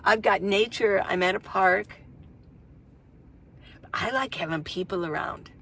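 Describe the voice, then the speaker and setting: A woman's voice: mid-range voice, a little slow, gravelly, fairly bright tone, husky. An older woman vlogging about van life, chatting casually and telling stories in a folksy way. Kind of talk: casual chat to camera.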